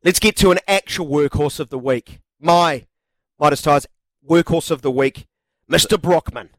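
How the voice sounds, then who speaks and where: A man co-hosts a sports radio show in a loose, jokey way. His voice sits a touch high. The studio sound is dry and close. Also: moderate pace, dry recording. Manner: chatty, reads quotes aloud, jokey. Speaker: radio co-host. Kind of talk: casual sports radio chat.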